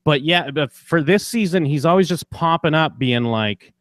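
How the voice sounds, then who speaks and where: A man's voice: a little high, animated, normal speed, fairly bright tone, no room sound. Casual young man on a dry mic. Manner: loose, jokey, slips into mocking character voices. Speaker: podcast co-host. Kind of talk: casual chat.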